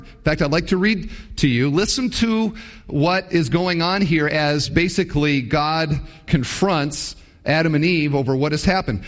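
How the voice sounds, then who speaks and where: A man's voice: fairly high pitch, big-room sound. A man preaching a sermon as a pastor, talking animatedly and acting out the quoted voices.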